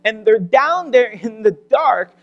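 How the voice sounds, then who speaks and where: A man's voice: high voice, expressive, slow pace, muffled recording, soft background music. A man preaching a sermon, telling a wartime story dramatically and dropping to near whispers at tense moments. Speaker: pastor. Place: church sanctuary.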